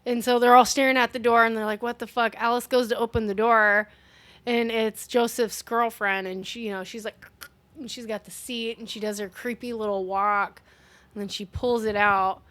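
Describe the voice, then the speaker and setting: A woman co-hosting a casual movie review, retelling scenes in animated detail and swearing freely. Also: a little high, normal speed, no room sound. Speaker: podcast co-host.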